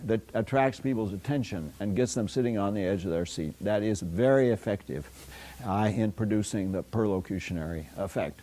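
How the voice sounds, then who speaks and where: An older man lectures a university class, a somewhat low voice. He rambles through anecdotes, stopping often for fillers and starting sentences over. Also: lively intonation, normal speed, a little mellow, a little hiss or hum. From United States. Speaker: philosophy lecturer. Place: lecture hall.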